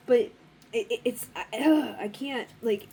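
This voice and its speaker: A woman's voice: fairly high pitch, unhurried, creaky, dark tone, a little hiss or hum. A woman giving a casual oracle card reading, talking in a blunt, rambling way and swearing freely. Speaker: spiritual card reader.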